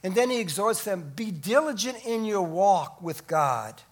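A middle-aged man preaching a sermon as pastor, swelling to emphatic peaks and then dropping low and quiet. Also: very animated, measured pace.

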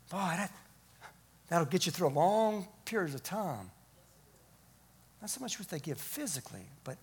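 A middle-aged pastor preaches a sermon, building to emphatic peaks before sinking low and quiet.

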